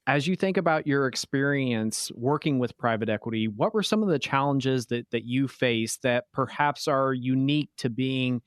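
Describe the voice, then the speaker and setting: A man's voice: medium pitch, moderate pace, hardly any pauses, smooth, dry recording, studio quality. A man hosting a business podcast, introducing his guest and asking questions in a polished, composed way. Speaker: podcast host. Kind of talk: scripted intro, then interview questions.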